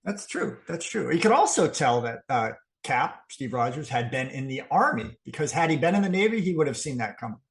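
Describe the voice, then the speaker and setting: A man's voice: medium pitch, very animated, a little fast, hardly any pauses. A man co-hosting a comic book podcast, adding dry jokes. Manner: joking, dry. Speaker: podcast co-host. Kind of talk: comic book review chat.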